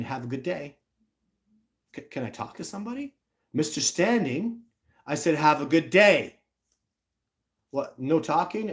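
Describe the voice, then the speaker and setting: A middle-aged man with a voice of ordinary pitch tells a story on a livestream. He rants bluntly and acts out other people's lines in mocking voices. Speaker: livestream host.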